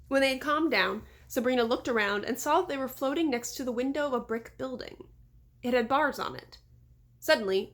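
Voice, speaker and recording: Woman reading a storybook aloud. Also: on the high side. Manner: relaxed, with small slips and asides. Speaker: audiobook reader. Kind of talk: casual storybook read-aloud.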